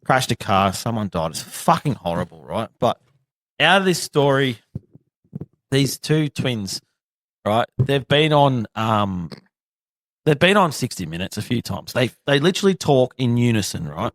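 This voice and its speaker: Animated, foul-mouthed Australian man. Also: medium pitch, measured pace, no room sound. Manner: swears constantly, tells stories animatedly. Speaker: podcast co-host. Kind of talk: casual chat.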